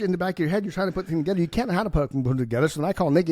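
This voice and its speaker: Guy rambling fast on a podcast, swears a lot, slightly high voice, dry close sound. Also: a little mellow, no room sound. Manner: rambling, profane comic storytelling with acted-out voices. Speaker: podcast co-host. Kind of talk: casual chat.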